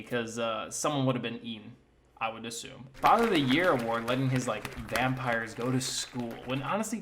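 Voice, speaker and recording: A young man giving a sarcastic comedic movie recap in a casual, rambling way, full of fillers and mocking impressions of the characters. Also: mid-range voice. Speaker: comedy commentator.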